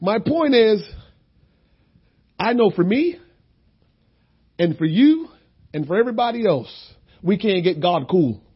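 A man with a strikingly high voice teaches a Bible lesson like a sermon. He tells the stories in a folksy, humorous way and often rises into loud, emphatic shouts to drive a point home. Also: unhurried, pauses often, husky, dull audio. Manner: animated storytelling, breaking into shouts for emphasis. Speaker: church teacher.

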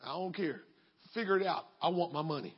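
A man voicing an impatient male creditor who bullies a debtor for his money, in a gruff, pushy way. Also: fairly high pitch, a little fast, muffled recording, voice pushed down. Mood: demanding.

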